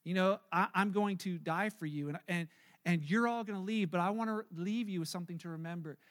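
A man's voice: high-pitched, fairly quick, a bit bright. A man voicing Jesus as a plain-spoken friend, talking casually. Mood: solemn. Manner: casual, conversational.

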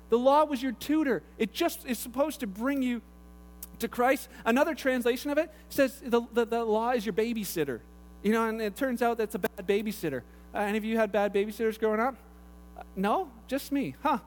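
A man preaching a sermon, pastor's chatty storytelling with asides. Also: very high voice. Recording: echoey hall with long reverb.

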